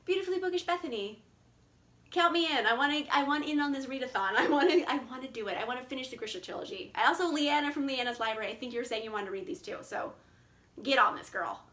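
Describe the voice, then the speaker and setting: A woman's voice: high-pitched, fairly bright tone. A young woman chatting casually about her reading plans, bubbly, laughing often and saying like a lot. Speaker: book vlogger. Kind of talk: casual chat.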